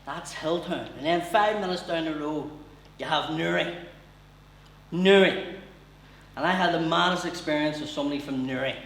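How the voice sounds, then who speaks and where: A man's voice: a little high, normal speed, creaky, long pauses, fairly bright tone, roomy sound, far from the mic, a little hiss or hum, low-quality recording. A man with a Northern Irish accent doing a brash, sweary stand-up comedy routine at a live venue.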